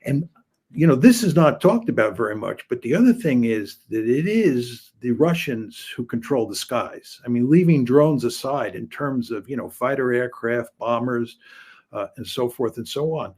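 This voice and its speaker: An older man, a political science professor, answering interview questions in a measured, explanatory way with frequent filler pauses. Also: medium pitch, lively intonation, a little mellow, husky.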